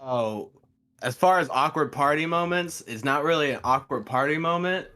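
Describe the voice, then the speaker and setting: A man's voice: fairly high pitch, moderate pace, pushed and bright. A young man, a guest on a casual live show, joking and telling self-deprecating stories.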